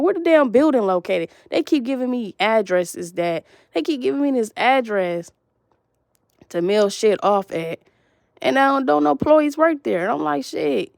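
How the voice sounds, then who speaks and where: A woman's voice: high-pitched, expressive, moderate pace, vocal fry, darkish tone, dry recording, clean studio sound. A woman telling a long, rambling, profane story in an agitated monologue to camera.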